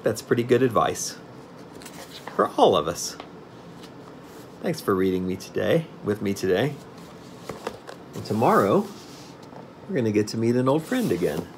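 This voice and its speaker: Low-voiced man reading a storybook aloud. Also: sing-song, measured pace, pauses often, background noise. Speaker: storybook reader. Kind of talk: reading a children's book aloud.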